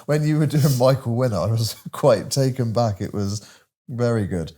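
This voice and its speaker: Mellow-voiced male interviewer. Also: medium pitch, normal speed. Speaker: interview host. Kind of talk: interview chat.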